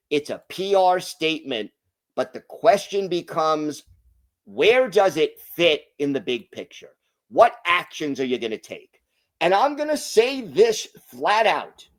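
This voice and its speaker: A man hosting a hockey podcast, giving his opinions in an emphatic, deliberate way. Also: on the high side. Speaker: podcast host.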